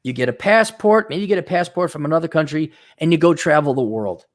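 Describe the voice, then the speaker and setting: A middle-aged man hosting a show, giving blunt, profane, lively advice in an unscripted monologue. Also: a little high, quick pace.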